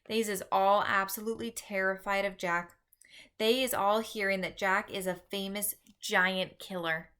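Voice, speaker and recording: A woman voicing a gentle, friendly male giant who whispers in muddled grammar. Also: mid-range voice, fairly even intonation, measured pace, clean tone, lightly acted. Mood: hushed.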